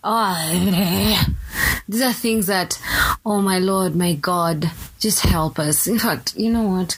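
A woman's voice: mid-range voice, slow, a bit bright, slight background noise. A woman from Kenya hosting a faith podcast, earnest and chatty, with self-mocking laughing asides and spoken prayer. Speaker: podcast host.

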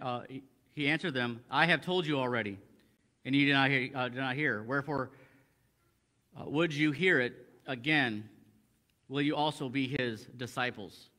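A man's voice: mid-range voice, moderate pace, long pauses, bright, forceful tone. A man teaching a Bible passage in a conversational sermon, reading verses aloud and explaining them with frequent restarts. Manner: conversational, many restarts, quoting scripture in old English. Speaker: preacher.

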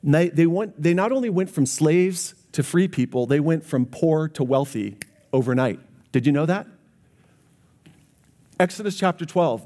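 A man's voice: on the high side, lively intonation, moderate pace, mellow. A man preaching a sermon as pastor, earnest and speaking directly to his congregation.

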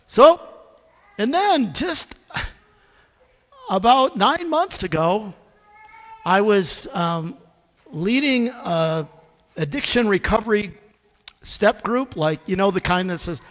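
A man's voice: sits high, slow pace, long pauses. A middle-aged man preaching a sermon as pastor, telling stories with self-deprecating humor. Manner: animated anecdotal storytelling, self-deprecating. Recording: long reverb in a church hall.

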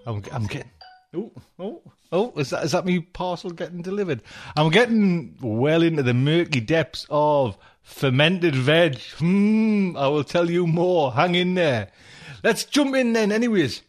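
A man hosting a podcast, chatting casually and rambling with many restarts. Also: fairly high pitch. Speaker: podcast host. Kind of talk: casual chat.

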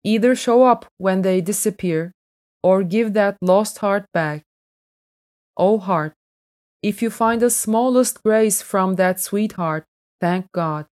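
A woman narrating an audiobook in a measured, reading voice, moving between poetry and prose. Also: medium pitch, a little mellow.

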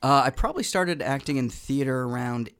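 A man with a Boston accent, a comedian guest telling stories in a casual podcast chat, animated and prone to ranting bits. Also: mid-range voice, fairly quick. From Boston area, US. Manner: animated storyteller, slips into loud ranting bits.

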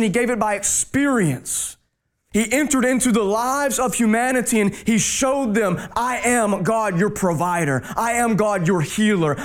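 A man pastor preaching a sermon, dropping his voice low and slow on key words for emphasis.

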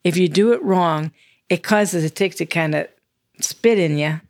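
A woman's voice: on the low side, unhurried, dry recording, clean studio sound. An older woman co-hosting a podcast, chatty and self-deprecating in casual conversation. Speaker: podcast co-host. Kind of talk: casual chat.

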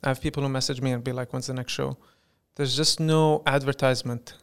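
A young man from the UAE, a stand-up comedian, chatting on a podcast in a blended Western American accent. His voice is gravelly yet clear and smooth, and his pitch sits in an everyday middle range. He talks in a light, joking way. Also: a little fast. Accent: mixed Western American. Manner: lively, jokey, tries on accents. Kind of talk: casual podcast interview.

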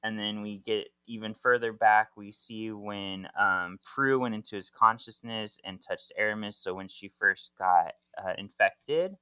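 Casting: male podcast co-host, bright forceful tone, very dry close mic, casual comic recap. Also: lowish voice, steady tone, measured pace, few pauses, clear, resonant tone, no room sound. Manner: chatty, narrates the comic page by page with fillers.

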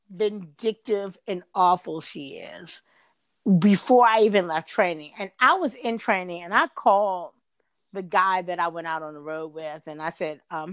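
A middle-aged woman telling a long workplace story in casual chat, her voice jumping high when she gets exasperated. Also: no room sound. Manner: animated, swings to high excited pitch when exasperated.

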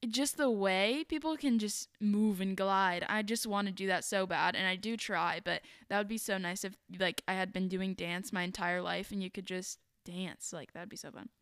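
A young woman co-hosting a podcast, chatty and giggly, talking in quick bursts. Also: medium pitch, fairly bright tone, smooth, no room sound, studio quality. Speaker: podcast co-host. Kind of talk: casual chat.

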